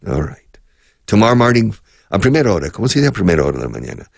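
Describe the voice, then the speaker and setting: A man's voice: on the low side, sing-song, racing, creaky, no echo. A man hosting a radio English lesson, explaining phrases through rambling anecdotes at a close mic. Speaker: radio host and English teacher.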